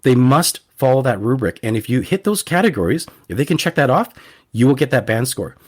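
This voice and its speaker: A man's voice: medium pitch, sing-song, brisk. A man, a guest teacher on a podcast interview, earnestly giving advice and often repeating words as he restarts.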